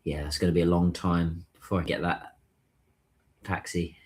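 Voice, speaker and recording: A man's voice: low-pitched, flat delivery, moderate pace. A man chatting casually on a livestream while he waits in a taxi queue, musing aloud and answering viewers' comments. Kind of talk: casual live-stream chat.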